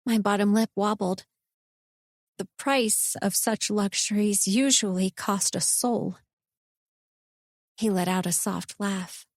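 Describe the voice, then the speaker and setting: A woman narrating a first-person romance audiobook in a measured, intimate reading. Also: mid-range voice, steady tone, no echo, studio quality.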